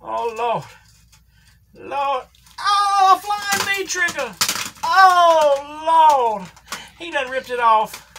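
A woman plays a folksy older Southern wrestling announcer calling a barbed-wire match between action figures. He drawls in country grammar and keeps crying "Lordy". The voice sits a little high, over a faint background hiss. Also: very slow, pauses often, full character voice. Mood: excited ringside. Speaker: play-by-play commentator for a toy wrestling figure match. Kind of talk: comedic ringside commentary.

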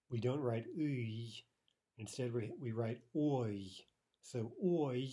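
A man teaching a recorded language lesson, explaining patiently, with fillers and restarts, and slowing down to read example words. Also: mid-range voice, dark tone, husky.

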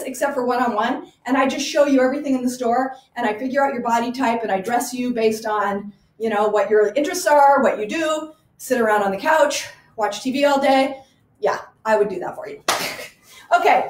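A woman who runs a small garage boutique, chatting enthusiastically as she presents clothes in a live online showcase. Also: high-pitched. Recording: echoey room.

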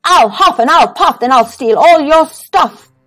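A woman's voice: high voice, animated, measured pace, pushed and bright, dry recording, faint music behind, pitched above the performer's own voice, full character voice. A woman voicing a boastful, threatening big bad wolf in a storybook. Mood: menacing. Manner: blustering threats.

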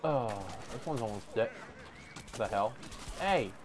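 A man streaming gameplay, swearing and yelling in frustration at enemies. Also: mid-range voice, animated, takes it slowly. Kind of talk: live gameplay commentary. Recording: game music behind voice. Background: game music.

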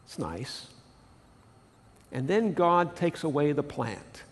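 A male pastor preaching a sermon in an animated way, putting questions to the congregation. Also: fairly high pitch, slow pace, big-room sound. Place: church sanctuary.

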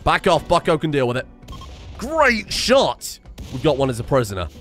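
A man from England's West Country, with the accent to match, streams a game with casual, joking commentary and plenty of swearing. His voice is a little high and fairly bright, swinging widely in pitch at a normal speed over soft background music.

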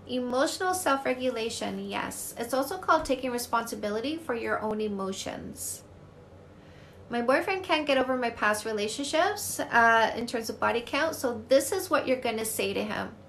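A woman's voice: on the high side, expressive, normal speed, creaky, fairly bright tone, slight background noise. A woman from Canada, a dating coach, answering viewer comments on a live stream in a blunt, upbeat way and swearing casually.

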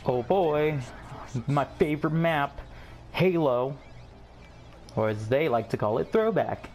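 A young man giving excitable commentary over his own gameplay, yelping, groaning and swearing at the game. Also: fairly high pitch, slow. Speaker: gaming channel host.

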